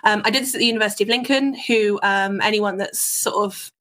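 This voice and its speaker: A woman guest, an animal behaviourist, answering interview questions in a friendly, measured, informative way. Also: mid-range voice, a bit bright.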